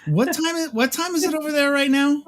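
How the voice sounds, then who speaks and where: A man's voice: extremely high pitch, fairly quick, a bit bright. A man co-hosting a casual livestream chat, reading viewer comments aloud and laughing often. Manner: laughs often, self-deprecating. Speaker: livestream co-host.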